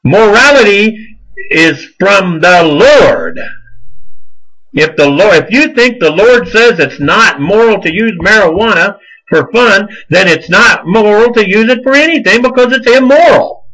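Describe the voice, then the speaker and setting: A man's voice: high voice, animated, a little slow, bright, forceful tone, poor audio. A man hosting a show, delivering a heated, scolding, preacher-like rant of religious commentary. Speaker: show host. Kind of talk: fiery religious commentary monologue.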